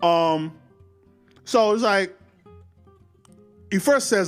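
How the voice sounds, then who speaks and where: A man casually recapping a movie, animated, often acting out the characters' lines. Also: high voice, slow, soft background music. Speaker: movie reviewer.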